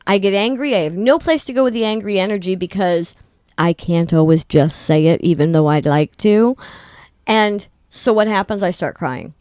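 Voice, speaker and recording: A middle-aged woman co-hosting a talk show, telling personal stories in a candid, self-deprecating way with quick restarts. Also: mid-range voice, darkish tone, smooth, no room sound, clean studio sound. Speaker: podcast co-host. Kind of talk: casual chat.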